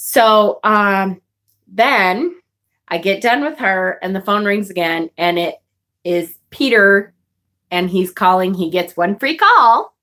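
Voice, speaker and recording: Female vlogger, unhurried chatty storyteller, frank and profane. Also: mid-range voice, lively intonation, fairly bright tone. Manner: chatty, swearing, laughing often. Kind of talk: casual personal storytelling.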